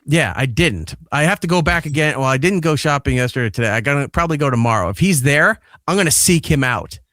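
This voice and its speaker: A father who hosts a podcast delivers a casual story with lots of swearing, voicing the quoted lines dramatically. His slightly high voice moves at a quick pace, recorded in clean studio sound without echo.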